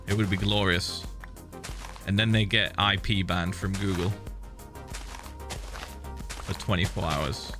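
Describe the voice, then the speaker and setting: A British man streams a game, humming and scatting little tunes as he plays and swearing freely while he chats casually. His low voice holds a steady tone and moves slowly with long pauses, over background game music.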